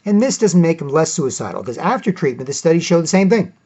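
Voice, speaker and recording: A man's voice: on the high side, very animated, fast, darkish tone, breathy edge. Rambling sarcastic man vlogging. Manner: rambling, sarcastic, frequent restarts and fillers. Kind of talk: opinionated commentary reading articles. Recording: dull lo-fi audio.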